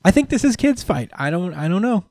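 A man hosting a casual recap chat, animated, swearing freely and laughing often as he tells the story. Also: high voice, a little fast, crowd noise. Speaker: host.

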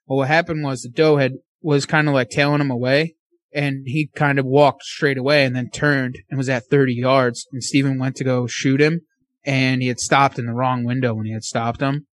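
A man telling a hunting story as a podcast guest, animated, acting out his own and his friend's words. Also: medium pitch, normal speed.

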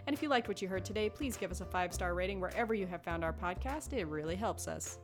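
A woman's voice: fairly low pitch, lively intonation, quick pace, music in the background. A woman co-hosting a podcast, talking in an upbeat, teasing and blunt way. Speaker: podcast co-host. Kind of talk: casual chat.

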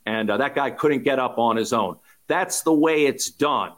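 Male sports talk host: mid-pitched, steady, conversational, anecdote-driven. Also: normal speed.

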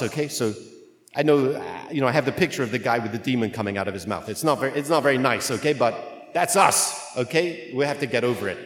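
A male preacher giving a sermon at a middle pitch, talking in an easy, conversational way. He keeps checking in with his listeners with a quick "right?" or "okay?". His voice rings through a roomy church with a long, trailing reverb.

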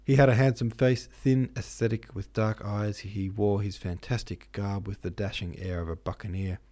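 A man reading a novel aloud as host, in steady, measured narration. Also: on the low side. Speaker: host and audiobook reader. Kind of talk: scripted narration.

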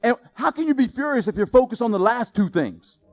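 A man preaching a sermon in a lively, joking way, quizzing the congregation with questions. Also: extremely high pitch, brisk. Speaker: pastor.

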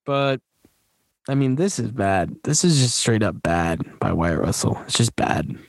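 A man's voice: medium pitch, expressive, unhurried, no room sound. A man giving casual, blunt movie commentary as a podcast host, swearing and scoffing often.

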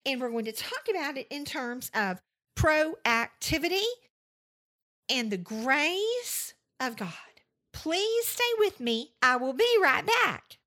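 A woman's voice: high voice, very animated, slow, pushed and bright. A woman with a Southern US accent hosting a faith-based podcast monologue, emphatic and fond of repeating phrases for effect. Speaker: podcast host.

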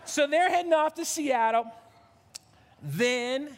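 A man in his fifties preaching a sermon as a pastor, animated and emotional, often restarting his sentences. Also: very high voice, normal speed, long reverb tail. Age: 50s.

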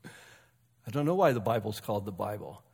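A man in his fifties or older preaching a sermon, telling a personal story in a relaxed, conversational way with self-deprecating asides. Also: on the low side, creaky, breathy edge. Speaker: pastor. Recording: long hall reverb.

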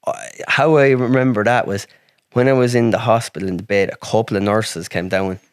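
A man's voice: fairly low pitch, fairly even intonation, brisk, clean tone, no echo, studio quality. An Irish man from Ireland, a podcast guest telling a story in a rambling way, with heavy swearing and lots of "like". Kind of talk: casual storytelling.

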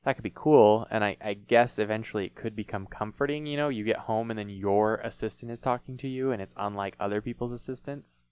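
A man co-hosting a casual podcast, thinking out loud and leaning on filler words. His voice is low-pitched, smooth and resonant. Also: brisk, few pauses, dry recording. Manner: musing, uses many fillers. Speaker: podcast co-host. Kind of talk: casual chat.

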